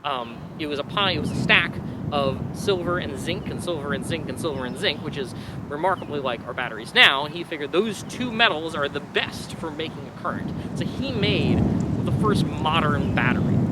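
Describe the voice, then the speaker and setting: A man's voice: on the high side, expressive, normal speed. Young man, science teacher, casual lesson, playful asides, noisy outdoor recording. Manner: chatty, digressive, playful asides.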